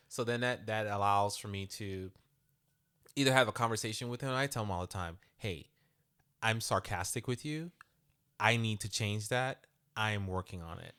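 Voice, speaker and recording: A man's voice: on the low side, normal speed, fairly bright tone, smooth. A man hosting a parenting podcast, talking reflectively and acting out quoted dialogue. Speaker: podcast host. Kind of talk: conversational podcast interview.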